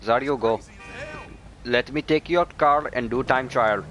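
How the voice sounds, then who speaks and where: A man livestreaming a game, chatting casually with viewers, joking, swearing freely, laughing often and shouting at the game. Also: medium pitch, unhurried, soft background music. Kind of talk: casual gaming livestream chat.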